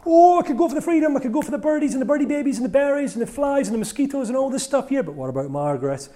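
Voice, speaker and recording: A chirpy little pet bird fretting between freedom and his cosy cage, as a man puts him on. The voice jumps high and swoops all over, sing-song and excited. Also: racing. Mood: torn, excited.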